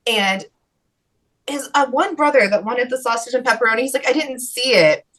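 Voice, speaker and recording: A woman co-hosting a casual chat, telling an animated story with swearing. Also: fairly high pitch, normal speed, rough recording. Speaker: podcast co-host.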